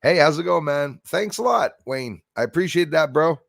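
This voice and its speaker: Animated and fairly high-pitched with vocal fry, a man hosts a casual live stream at normal speed, greeting viewers by name amid jokey asides. He rambles with lots of fillers and restarts; the tone is fairly bright, the sound dry and clean.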